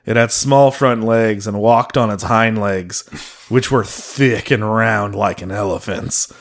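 A man's voice: on the low side, lively intonation, unhurried. A man hosting a podcast who reads case notes aloud in casual chat, laughing and joking between lines. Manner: laughs while reading, jokey asides. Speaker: podcast host reading the case.

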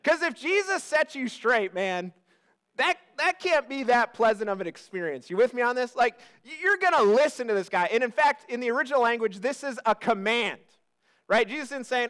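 A man's voice: high-pitched, normal speed. A man preaching a sermon, joking and talking directly to his congregation. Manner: lively, joking, talks to the congregation. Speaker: pastor.

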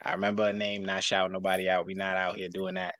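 A man's voice: deep voice, completely flat delivery, fast, a bit bright, no room sound. A man, co-hosting a podcast and telling a story in a laid-back, coy way. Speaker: podcast co-host. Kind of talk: casual storytelling chat.

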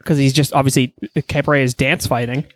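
A man's voice: mid-range voice, little pitch movement, brisk, over music. A man on a casual gaming podcast, talking in an enthusiastic, rambling, profane way. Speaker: podcast co-host.

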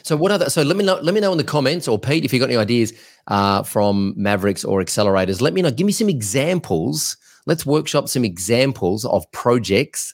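A man co-hosting a podcast, giving business coaching advice in an energetic, blunt, rambling way. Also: lowish voice.

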